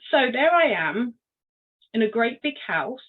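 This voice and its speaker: An older woman from Cornwall, a podcast guest telling her personal story in an unhurried, reflective way with frequent ums. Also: fairly high pitch, sing-song. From Cornwall, England. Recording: tinny phone-like line.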